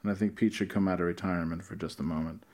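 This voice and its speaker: A man's voice: deep voice, steady tone, rapid-fire, a little mellow. A man co-hosting a podcast in casual chat, laid-back, swearing often and laughing a lot. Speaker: podcast co-host.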